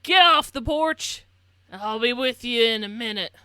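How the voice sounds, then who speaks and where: Woman shouting as a cranky half-deaf old man. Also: a little high, normal speed, dry recording, studio quality, pitched above the performer's own voice. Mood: gruff. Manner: shouting, gruff and irritable.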